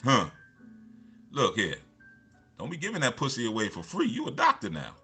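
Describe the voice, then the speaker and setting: A man's voice: mid-range voice, huge pitch swings, moderate pace, pushed and bright, breathy edge, soft background music, voice pushed up, heavily acted. A man voicing his blunt, teasing old grandfather, who was raised in the streets and speaks crudely.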